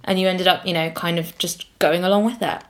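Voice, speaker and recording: A woman's voice: on the low side, steady tone, a little fast. A young woman co-hosting a podcast in casual chat, giving frank, blunt advice. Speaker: podcast co-host, agony aunt.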